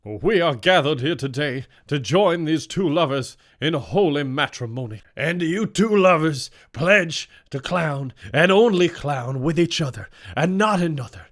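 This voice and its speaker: A man's voice: fairly high pitch, expressive, unhurried, hardly any pauses, fairly bright tone. A man voicing a pompous wedding officiant with solemn, mock-ceremonial delivery.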